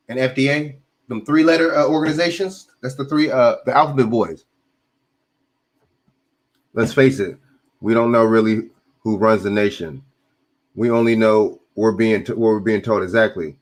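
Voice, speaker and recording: A man's voice: medium pitch, measured pace, pauses often. A man hosting a stream, giving blunt, profane commentary on clips and repeating himself as he answers chat. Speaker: streamer host reacting to clips. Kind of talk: casual opinionated commentary.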